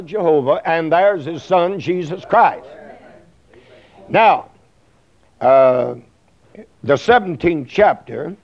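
A man preaching a sermon in a folksy, rambling way, full of fillers and plain talk. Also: on the high side. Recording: dull lo-fi recording.

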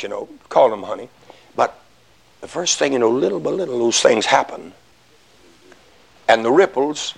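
Gravelly preacher man, shouting in bursts. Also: medium pitch. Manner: folksy, rises to shouting emphasis, acts out little dialogues. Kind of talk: sermon.

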